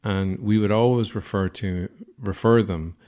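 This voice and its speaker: A man's voice: on the low side, fairly even intonation, measured pace, dark tone. An Irish man hosting a podcast, telling a comic story in a rambling, self-deprecating, crude manner. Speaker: podcast host.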